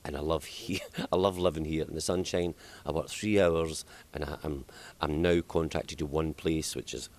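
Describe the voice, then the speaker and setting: Deep-voiced Scottish man, chatty and laughing. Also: fairly even intonation, normal speed, hardly any pauses, darkish tone. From Scotland. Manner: chatty, laughs often, self-deprecating. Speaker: comedian guest. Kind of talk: casual interview chat. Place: outdoors in hot sunshine.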